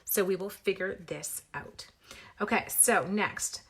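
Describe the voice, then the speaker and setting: A Canadian woman with a mid-range, fairly bright, slightly breathy voice speaks slowly while hosting a casual papercraft demo livestream. Chatty and playful, she greets viewers by name, adds little sound effects, and pokes fun at herself.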